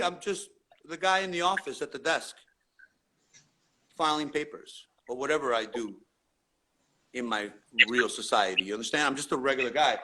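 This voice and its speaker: Laid-back man with street slang. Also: on the high side. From New York. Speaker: graffiti writer being interviewed. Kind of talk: casual interview storytelling. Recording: loud background noise.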